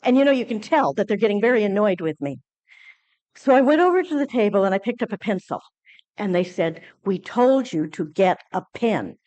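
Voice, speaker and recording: A woman speaking at a conference, telling a personal story with lively acted-out dialogue and frequent fillers and restarts. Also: medium pitch, brisk, muffled recording. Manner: animated storytelling, acting out quoted dialogue. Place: conference lecture hall.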